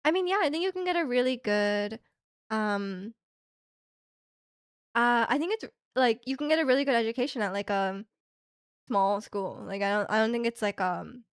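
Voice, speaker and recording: Chatty young woman, slightly high voice. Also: normal speed, long pauses, clear, resonant tone, dry recording, studio quality. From Canada. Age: young adult. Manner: rambling, heavy use of "like" fillers, frequent laughs. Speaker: streamer. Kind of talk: casual chat reading stream chat.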